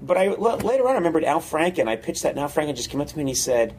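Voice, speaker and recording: A man's voice: a little high, very fast, few pauses, a little hiss or hum. Male interview guest, comedy writer, chatty, loose, rambling storyteller. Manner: animated, rambling, laughs often.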